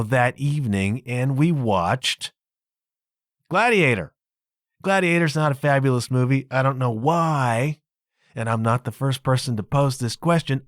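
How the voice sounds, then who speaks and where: A chatty man in his fifties hosting his own podcast, rambling conversationally and checking in with listeners. His voice sits at an ordinary middle pitch. The sound is dry and close, with no room around it. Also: no echo. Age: 50s. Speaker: podcast host. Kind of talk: casual solo podcast monologue.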